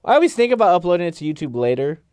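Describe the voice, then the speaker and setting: A man's voice: high-pitched, very animated, racing, darkish tone, clear, resonant tone, dry recording. A man co-hosting a podcast in casual chat, blunt and swearing freely. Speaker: podcast co-host.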